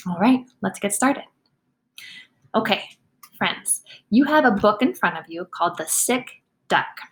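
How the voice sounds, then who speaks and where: A woman teacher leads young students through a reading lesson. She, speaks at a middle pitch, and slows down to sound out words clearly while praising each child. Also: expressive, a bit bright. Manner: encouraging, slow and clearly sounded out.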